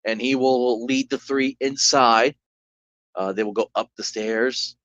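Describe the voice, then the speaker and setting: A man's voice: medium pitch, steady tone, a little slow, fairly bright tone. A man running a solo tabletop game, narrating casually with rambling, self-correcting speech. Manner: rambling, full of "like" and restarts. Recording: dull lo-fi recording.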